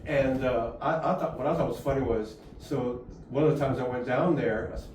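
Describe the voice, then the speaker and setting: A man's voice: medium pitch, a little fast, a little mellow. A man, telling long rambling stories as a guest and laughing often. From Houston, Texas. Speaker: guest musician. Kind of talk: storytelling in conversation. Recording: echoey room, far from mic, faint noise.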